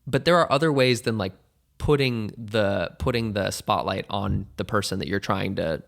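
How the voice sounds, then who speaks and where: A man hosting a casual advice podcast, talking thoughtfully with many pauses and restarts. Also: on the low side, vocal fry, a bit bright. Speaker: podcast host.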